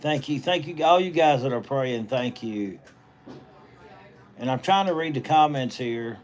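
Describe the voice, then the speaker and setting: A middle-aged man with a Southern US accent sounds animated yet measured in his mid-range voice. The livestream host and auctioneer rambles in folksy country talk, reading viewer comments on a phone stream from a hospital treatment room.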